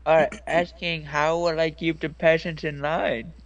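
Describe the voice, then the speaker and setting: A man's voice: a little high, flat delivery, measured pace, no echo, distant mic. A young man playing a card game with friends over a voice call, cocky and wisecracking. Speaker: player. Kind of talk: casual gaming chat. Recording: lo-fi voice call audio.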